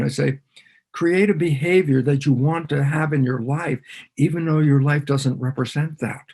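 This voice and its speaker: Gravelly, husky man explaining animatedly. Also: a little high, moderate pace. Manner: animated, acts out both sides of dialogues. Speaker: podcast guest, biologist. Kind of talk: conversational interview explanation.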